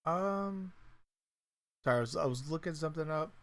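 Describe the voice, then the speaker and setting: A casual podcast co-host chats about horror movies, rambling through his thoughts with plenty of fillers, restarts and easy swearing. His voice is a normal middle pitch at normal speed, and he often breaks into laughter.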